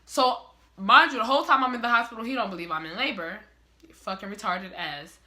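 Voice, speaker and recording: A young woman telling a story in a casual vlog, animated and heavy on swearing. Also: mid-range voice, brisk. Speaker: vlogger.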